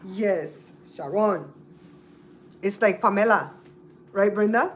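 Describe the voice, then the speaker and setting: A woman's voice: medium pitch, slow, pauses often, slight background noise. A woman with a Belizean accent, hosting a casual livestream, chatting with viewers and repeating and spelling out names. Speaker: livestream host. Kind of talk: casual live-stream chat with viewers.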